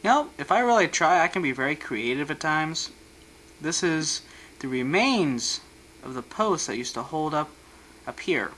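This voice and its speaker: A man with a bright, forward voice walks through his family's vacation photos, dropping dry little jokes between captions. A faint hiss sits under the recording. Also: a little high, sing-song, moderate pace, rough recording. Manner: dry, joking asides. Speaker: home video narrator.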